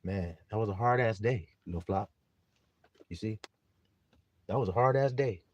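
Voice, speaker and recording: Preacher who keeps asking "you see?". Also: male voice, on the low side, moderate pace, dry recording, muffled recording. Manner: often asks the listeners "you see?"; swings from loud scripture reading to quiet personal storytelling. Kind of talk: livestreamed sermon reading scripture.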